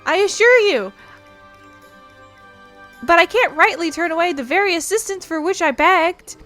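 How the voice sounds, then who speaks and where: A fussy little moogle courier pipes up in a high, bright voice, as a woman puts him on, harried and grumbling in stiff, old-fashioned phrases. He sounds overworked and put upon, like a small creature in a fantasy game. Faint game music plays behind him. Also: lively intonation, normal speed. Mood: fussy exasperated. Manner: flustered, grumbling, formal.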